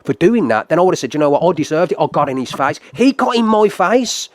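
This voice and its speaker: A man's voice: fairly high pitch, big pitch swings, quick pace, no room sound. A man arguing heatedly in casual chat, stumbling and repeating words as he retells a confrontation.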